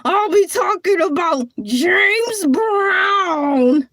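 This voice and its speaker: A woman voicing a boastful male cartoon shark who hosts a comedy show, squeaky and sing-song with frequent sighs. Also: lively intonation, extremely slow, fairly bright tone, no echo, full character voice. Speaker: show host. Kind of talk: comedy character monologue.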